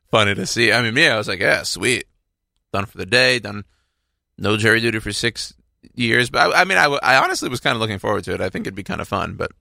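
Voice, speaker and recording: A young man hosting a radio show, chatting casually into a studio microphone. His low voice has a gravelly edge and a bright, forceful tone. He rambles through his stories with frequent restarts, and the sound is dry and close. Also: no room sound. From Texas.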